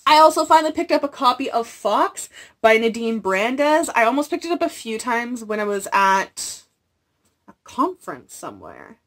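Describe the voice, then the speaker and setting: A young woman in a casual book haul video, animated and gushing, with exaggerated reactions. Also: on the high side, normal speed. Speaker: book vlogger.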